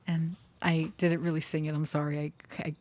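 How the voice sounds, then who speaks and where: A woman speaking emotionally in a casual personal talk, nervous and close to tears, laughing softly between thoughts. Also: low-pitched, flat delivery, normal speed. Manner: sings and half-whispers song lyrics. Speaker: channeler and storyteller.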